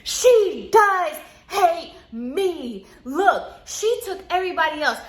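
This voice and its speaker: A woman's voice: very high voice, animated, slow pace, voice pushed up, heavily acted. A woman voicing a vain, self-pitying middle-aged hairstylist mother who whines tearfully about her daughter. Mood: whiny tearful. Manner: whiny, self-pitying, boastful. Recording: echoey room.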